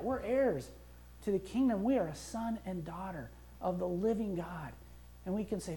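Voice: medium pitch, lively intonation, normal speed, warm tone. A pastor preaching a sermon in a conversational, emphatic way, acting out prayers and quotes as he goes. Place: church.

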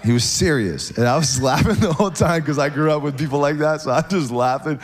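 A man preaching a sermon in church, animated and joking with the congregation, often checking in with "okay?". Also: fairly high pitch, a little fast. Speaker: pastor.

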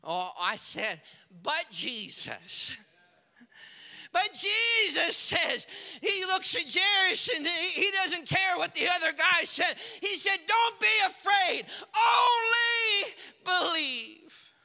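A male pastor preaching a sermon, moving between quiet storytelling and loud, shouted declarations while acting out the people in the story. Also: extremely high pitch, lively intonation, slow pace, creaky, long reverb tail. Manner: swings from hushed storytelling to shouted preaching, acts out characters.

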